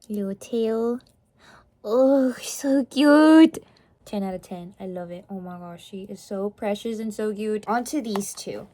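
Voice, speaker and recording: A young woman chatting casually in an unboxing vlog, gasping and gushing excitedly. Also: mid-range voice, normal speed, music in the background. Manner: gushing, gasping, excited over cute toys. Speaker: vlogger.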